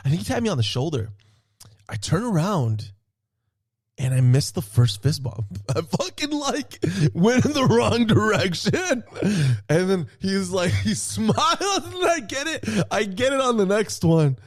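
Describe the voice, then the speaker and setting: A man excitedly telling a story in a casual podcast chat, swearing often and laughing as he talks. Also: high-pitched, no room sound, clean studio sound. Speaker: podcast co-host.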